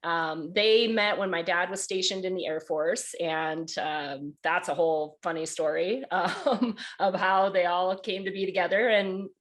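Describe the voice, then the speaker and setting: A woman's voice: lowish voice, a little slow, few pauses. A woman in her forties from Wisconsin, telling a personal story on a podcast in a candid way, laughing often and getting teary. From Wisconsin, USA. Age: 40s. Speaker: podcast co-host, guest here.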